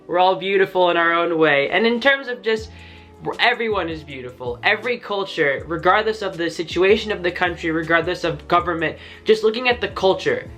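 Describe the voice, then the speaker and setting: A man's voice: high voice, animated, moderate pace, bright, forceful tone, faint music behind. An American man talking casually and enthusiastically to the camera in a vlog, rambling a bit with lots of fillers. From United States. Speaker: vlogger.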